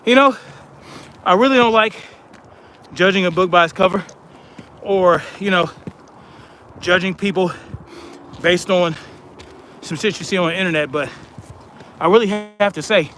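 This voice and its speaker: High-voiced man chatting on a live stream. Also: a bit bright, slight background noise. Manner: blunt, conversational, drawn-out emphasis. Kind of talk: casual live-stream chat reading comments.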